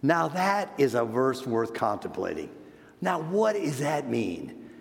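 An older man, a grandparent, giving an earnest sermon on parenting, repeating words and slowing down for emphasis. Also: mid-range voice, very animated, gravelly. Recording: long echoey hall reverb.

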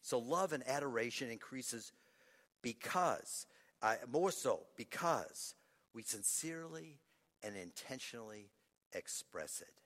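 Earnest pastor in an echoing hall. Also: male voice, medium pitch, expressive, unhurried. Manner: earnest, repeats phrases, sweeps from loud to hushed. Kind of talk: sermon. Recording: long reverb of a large hall.

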